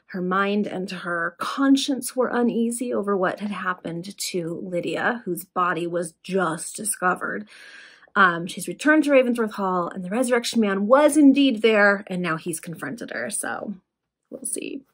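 A woman reading a Victorian serial aloud to friends in a relaxed, casual way, with fillers and quick recaps. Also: medium pitch, slightly rough. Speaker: reader.

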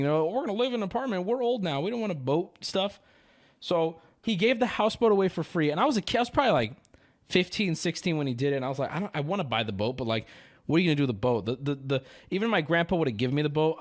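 A man hosting a livestream, chatting casually to his audience in a profane, ranting, sarcastic way and drifting into rambling stories. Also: medium pitch. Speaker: livestream host.

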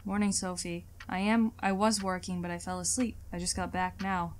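A woman voicing a tired, worried middle-aged father in a game, speaking gently and questioningly. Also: flat delivery, moderate pace, close to an everyday voice. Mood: concerned. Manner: gentle, questioning, low-key. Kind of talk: game dialogue read aloud.

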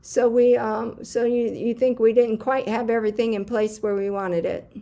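A woman's voice: a little high, level tone, normal speed, warm tone. A woman co-hosting a talk show, asking brief questions and giving short replies. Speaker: co-host. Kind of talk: call-in talk show chat.

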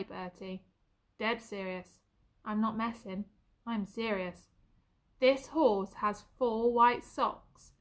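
A young male soldier from a storybook, steady and patient as he makes his case. A woman reads him aloud, with a slightly high pitch and an insistent tone.

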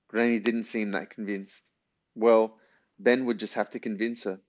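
A man narrating a children's novel in a steady storytelling manner. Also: fairly low pitch, unhurried. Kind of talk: audiobook reading of a children's novel. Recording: dull lo-fi recording.

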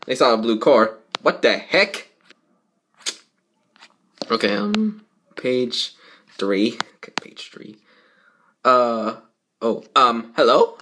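A man's voice: mid-range voice, animated, slow pace, long pauses, sharp tone. A young man reading a fan fiction aloud with rambling comments, often jumping into character voices. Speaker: fanfic reader. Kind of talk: casual fanfic read-aloud with comments.

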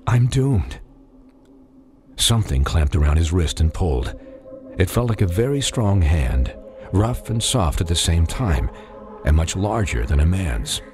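A man narrating a dark audiobook in measured, dramatic storytelling. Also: sits low, big pitch swings, noisy background. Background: music.

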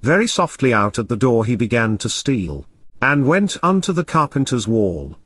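A man narrating a classic tale as an audiobook, in a measured storytelling way. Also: mid-range voice, sing-song, fairly bright tone, dry recording.

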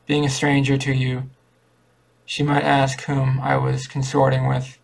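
A wary young husband who is easily nettled, from a spooky story read aloud, voiced by a man. The voice stays low-key and flat, rough with heavy vocal fry and little change in pitch. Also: measured pace, rough recording. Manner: flat, barely changed reading voice.

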